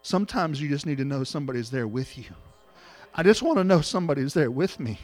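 A middle-aged man preaching an emotional sermon, swinging between loud exhortation and hushed tenderness. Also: a little high, animated, quick pace.

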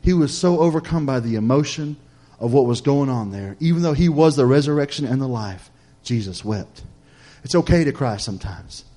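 A male pastor preaching a sermon, repeating phrases in a rhythmic cadence, asking "Amen?" of the congregation, swinging between loud emphatic lines and soft hushed ones. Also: medium pitch, lively intonation, moderate pace, hardly any pauses. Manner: preacherly, repetitive cadence with call-and-response "Amen?".

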